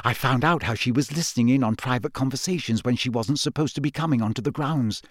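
A man reading aloud and voicing a clever, eager teenage schoolgirl who speaks briskly and knowingly. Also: on the high side, big pitch swings, voice pushed up.

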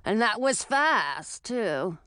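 A woman voicing a grouchy, spiteful old female witch with a rough, gravelly, low growl. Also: big pitch swings, takes it slowly, pushed and bright, dry recording, heavily acted. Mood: gruff. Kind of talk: audiobook character voice.

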